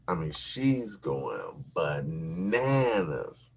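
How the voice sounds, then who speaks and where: A man hosting a podcast, telling a crude, profane comic story in an animated, repetitive way with a husky voice on a dull, lo-fi recording. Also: low-pitched, moderate pace. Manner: animated, crude, repeats himself for laughs.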